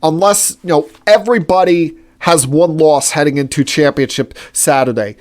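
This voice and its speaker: A man's voice: on the high side, normal speed, darkish tone. A man hosting a solo sports-talk podcast, giving opinionated, indignant commentary with frequent filler words. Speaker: podcast host.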